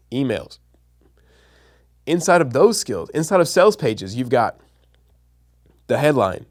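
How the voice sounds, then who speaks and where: A man's voice: mid-range voice, darkish tone. A man hosting a casual educational vlog, talking straight to his viewers in an enthusiastic, nerdy, chatty way. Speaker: channel host and coach.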